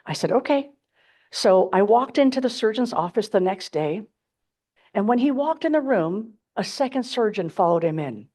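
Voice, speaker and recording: A woman's voice: medium pitch, animated, moderate pace, mellow. A woman giving a symposium talk, telling her own story candidly and dramatically to a live audience. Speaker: keynote speaker. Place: symposium stage before an audience.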